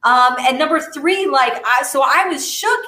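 A woman co-hosting a chatty podcast, with a bright, ringing voice pitched a little high. She talks in an animated, exasperated way, full of fillers. The room sounds echoey. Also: unhurried. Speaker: podcast co-host. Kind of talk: casual chat.

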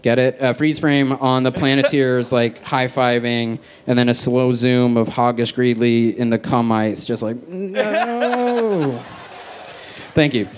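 A man's voice: mid-range voice, measured pace, few pauses, a little hiss or hum. Man reading crude fan fiction on stage. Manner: deadpan reading with self-aware asides and laughs. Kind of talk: live stand-up reading. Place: outdoor festival stage.

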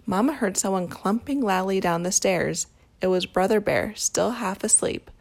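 A woman reading a picture book aloud to a child, telling the story in a calm, steady way. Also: lowish voice, normal speed, creaky. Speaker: storybook reader.

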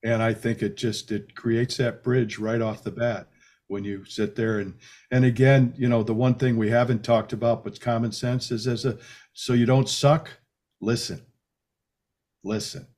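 A man's voice: mid-range voice, fairly even intonation, moderate pace, darkish tone. A man co-hosting a casual chat who puts strong stress on his main points. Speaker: podcast co-host.

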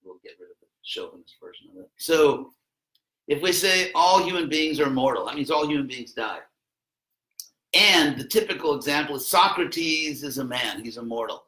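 Bright-voiced man lecturing in an echoey room. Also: on the high side. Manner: rambling, conversational, with wry asides. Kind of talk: informal classroom lecture. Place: classroom.

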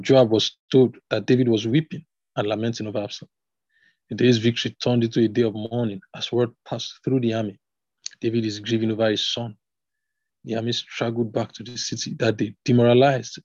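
A man's voice: medium pitch, steady tone, fairly quick, a little mellow, slightly rough, no echo. A man reading scripture aloud in a plain manner, stopping now and then to reread a passage. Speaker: scripture reader. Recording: dull, slightly lo-fi recording.

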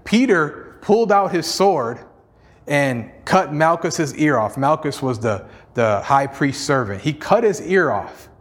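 A man's voice: on the high side, animated, a little slow. A male pastor preaching a sermon in an emphatic, repetitive style, sprinkled with "you know" and small chuckles.

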